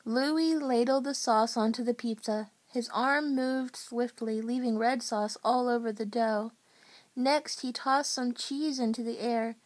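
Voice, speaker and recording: Woman, bedtime storybook reader, slightly high voice, slow and gentle. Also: steady tone. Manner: gentle, unhurried.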